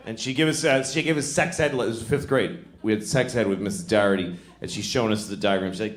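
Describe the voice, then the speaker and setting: A man's voice: mid-range voice, big pitch swings, a little fast, slight background noise. A man in his forties from Boston doing a rambling, self-mocking, crude stand-up set on a comedy club stage. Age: 40s. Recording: echoey club with loud crowd.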